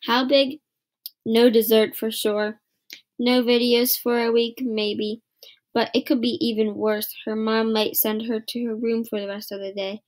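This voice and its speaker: Storybook reader, woman, high-pitched, steady read-aloud. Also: a little slow. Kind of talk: reading a children's book aloud.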